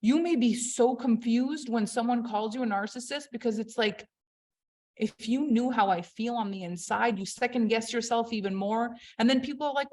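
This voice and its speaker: A woman coaching on leadership in an emphatic, conversational motivational talk, swinging between loud and quiet. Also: on the high side, moderate pace.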